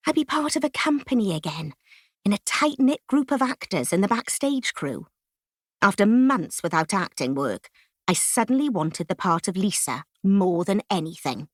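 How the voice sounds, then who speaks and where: A woman's voice: fairly low pitch, normal speed, husky, no room sound, clean studio sound. A woman from Wales with a Swansea accent, narrating her memoir as an audiobook, telling it expressively and voicing the quoted lines. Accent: Welsh, Swansea. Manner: lively, expressive storytelling with voiced quotes.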